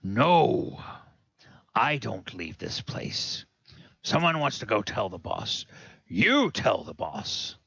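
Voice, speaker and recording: A man's voice: fairly low pitch, big pitch swings, takes it slowly, vocal fry, fairly bright tone, slightly rough, no echo, highs cut off, exaggerated voice. A man voicing a proud, surly demonic male taskmaster who gives stiff, indignant refusals. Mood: refusing.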